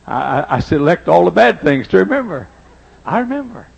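An older man preaching a sermon in church, telling personal stories and swinging between loud emphasis and hushed asides. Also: on the high side, sing-song, a little fast, vocal fry, slightly rough, muffled recording. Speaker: pastor. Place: church sanctuary.

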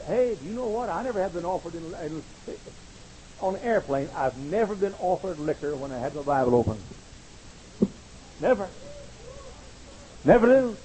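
A man's voice: sits high, very animated, moderate pace, pauses often, warm tone, slightly rough, poor audio. A man preaching a sermon to college students, pressing his points through emphatic repetition and slipping into rambling, self-mocking stories. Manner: wry, rambling anecdotes with self-mocking asides.

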